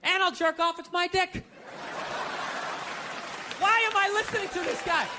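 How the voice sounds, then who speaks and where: Stand-up man, very high bright tenor, sarcastic ranting, live stage mic with a faint crowd. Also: measured pace, noisy background. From United States. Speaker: stand-up comedian. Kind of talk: stand-up routine. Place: comedy stage before a live audience. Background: audience laughter.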